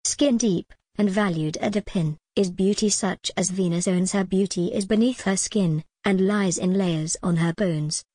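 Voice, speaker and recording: A woman narrating a comic verse poem in a measured, rhythmic reading. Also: mid-range voice, dark tone, slightly rough, no echo. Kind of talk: scripted poetry reading.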